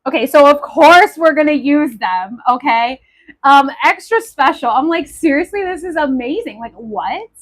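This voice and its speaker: A woman's voice: sits high, lively intonation, a little slow, poor audio. A woman from Maui hosting a casual livestream, chatty and enthusiastic, with many fillers as she talks to viewers. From Maui, Hawaii. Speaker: livestream host.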